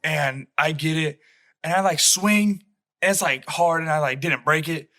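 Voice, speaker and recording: A young man telling a story on a casual podcast, animated and slangy, acting out what people said. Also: on the high side, a little slow, no room sound, clean studio sound. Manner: animated, slangy, acts out quotes. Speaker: podcast co-host.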